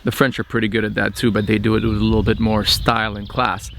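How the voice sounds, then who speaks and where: A man hosting a spiritual vlog, talking thoughtfully with frequent pauses and restarts. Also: lowish voice, level tone, vocal fry, a bit bright. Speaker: channel host. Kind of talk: reflective spiritual vlog monologue.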